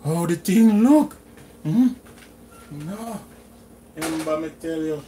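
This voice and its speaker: A man's voice: on the high side, expressive, slow, mellow, a little hiss or hum. A middle-aged Jamaican man chatting casually through a home cooking vlog in his kitchen, slipping into patois phrasing. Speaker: cooking vlogger.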